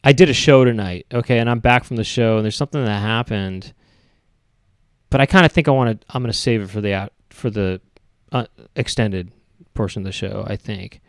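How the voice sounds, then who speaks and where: A man's voice: lowish voice, a little fast, clear, resonant tone, no echo, studio quality. A man hosting a solo podcast, talking in a meandering, hesitant way with wry complaints about everyday habits. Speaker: podcast host. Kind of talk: rambling solo podcast monologue.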